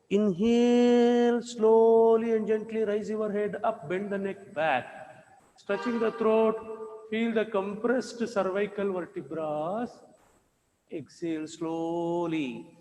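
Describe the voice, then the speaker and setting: A man, leading a yoga class with slow, repetitive cues for breathing and movement. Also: high-pitched, steady tone, dark tone. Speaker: yoga instructor. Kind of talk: guided yoga instruction. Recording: echoey room with long reverb.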